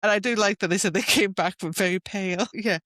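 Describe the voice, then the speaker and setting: A woman's voice: medium pitch, fast, a bit bright, dry recording, clean studio sound. A woman co-hosting a podcast, recapping a novel's plot in casual, chatty conversation. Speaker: podcast co-host. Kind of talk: casual book discussion.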